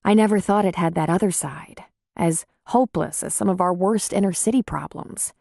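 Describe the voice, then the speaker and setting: A woman's voice: fairly low pitch, normal speed, creaky, dark tone, dry recording, clean studio sound. A woman voicing an earnest, troubled city nurse practitioner in an audiobook.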